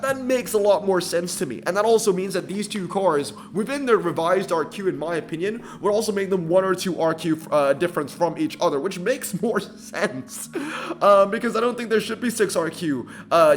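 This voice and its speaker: A man giving irritated gameplay commentary, ranting in an animated way with frequent fillers and restarts. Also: a little high. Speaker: mobile racing game commentator.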